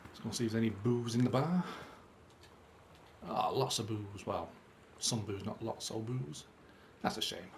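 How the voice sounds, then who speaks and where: A man talks through a game in a chatty, self-mocking way, his voice sitting low. The recording has a faint background hiss. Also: unhurried, gravelly. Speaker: gaming channel host. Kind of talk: let's play commentary.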